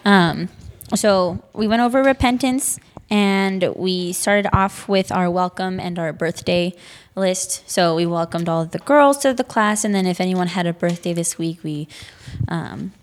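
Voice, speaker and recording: A woman's voice: lowish voice, unhurried. A young woman chats on a podcast about the Sunday school class she teaches. She rambles and fills her talk with ums and likes, in a casual, friendly run-on recap. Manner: chatty, rambling recap with many fillers.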